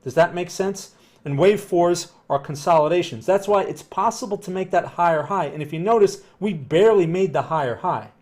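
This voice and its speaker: A man's voice: high voice, moderate pace, a little mellow. A man with a Northern New Jersey accent, live-streaming trading analysis in a conversational, explanatory way and often checking that viewers follow. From New Jersey, USA. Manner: upbeat when greeting viewers.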